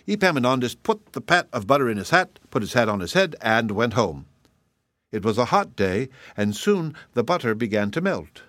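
A man reads a children's story aloud at a measured, expressive pace. His voice sits at a middle pitch. The recording is dry and close. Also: no echo. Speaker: storybook reader. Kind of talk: scripted storybook narration.

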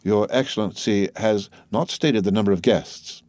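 A man voicing an agitated, fearful male servant who speaks in halting exclamations. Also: fairly low pitch, darkish tone, no room sound, close to an everyday voice. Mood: respectful.

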